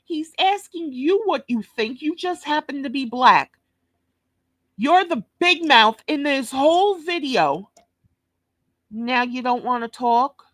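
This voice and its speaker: A woman with a New York accent rants bluntly through a reaction commentary, cursing and scolding. She talks slowly in a fairly high voice. The sound is dry and close. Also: lively intonation, a bit bright, no echo. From Brooklyn, New York. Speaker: reaction video host.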